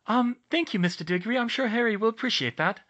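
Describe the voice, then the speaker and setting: A man's voice: high voice, lively intonation, fast talker, a bit bright, lo-fi sound, voice pushed up. A man voicing a nervous, earnest teenage girl in an audiobook reading.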